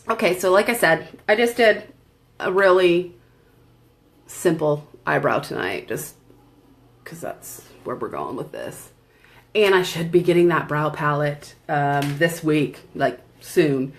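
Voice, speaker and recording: In a casual tutorial chat, a makeup vlogger and seller does her makeup at home in front of the camera, rambling and laughing frequently. Her voice is deep and expressive, and she speaks at a measured pace.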